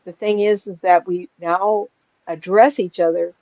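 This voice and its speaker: A woman's voice: lowish voice, steady tone, measured pace, darkish tone, no room sound. A woman in her sixties, a psychic medium, talking casually to a small group in a rambling, chatty way that is full of laughs. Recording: dull, lo-fi and dry.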